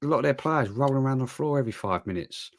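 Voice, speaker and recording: A man's voice: medium pitch, expressive, fast. A man co-hosting a football podcast, giving opinions in casual chat with many fillers and restarts. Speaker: podcast co-host.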